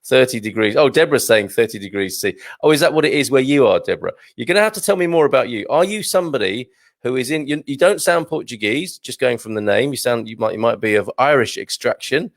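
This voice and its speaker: Gravelly-voiced British male host. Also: mid-range voice, lively intonation, fast, no echo, studio quality. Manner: rambling, chuckling, self-deprecating. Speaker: livestream host. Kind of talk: casual livestream chat reading viewer comments. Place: small studio.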